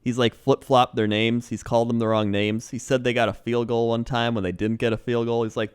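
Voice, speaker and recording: A man's voice: mid-range voice, level tone, fairly quick, hardly any pauses, clean tone. A man co-hosting a comedy podcast, chatting casually and rambling, laughing easily. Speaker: podcast co-host.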